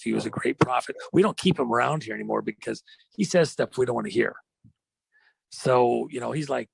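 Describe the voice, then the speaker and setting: Husky gravelly guy hosting a podcast, drawn-out dramatic storytelling, fillers everywhere. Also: medium pitch, no echo. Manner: slow emphatic retelling with frequent fillers. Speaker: podcast host.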